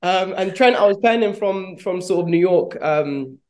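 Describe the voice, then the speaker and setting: A man's voice: high voice, expressive, moderate pace, a little mellow. A man, an actor answering interview questions in a reflective, rambling way, with frequent laughs. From London, England. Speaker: actor guest.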